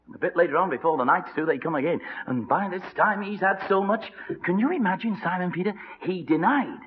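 A man preaching a sermon, telling the story with lively narration and acted-out voices. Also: sits high, a little fast, few pauses. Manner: animated storytelling, acting out voices. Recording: reverberant dull old radio broadcast.

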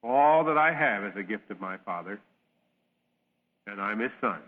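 A man's voice: lowish voice, lively intonation. A man preacher voicing a churlish young son in a parable, complaining and balky, on a tinny old radio broadcast with long reverb. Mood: remorseful. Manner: defiant then remorseful, drawn-out complaining.

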